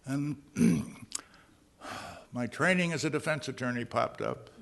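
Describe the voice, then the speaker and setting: A man's voice: medium pitch, a little slow, a bit bright. A middle-aged man telling his personal recovery story from a podium, earnest and at times wry. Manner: earnest storytelling with dry humor. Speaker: recovery meeting speaker.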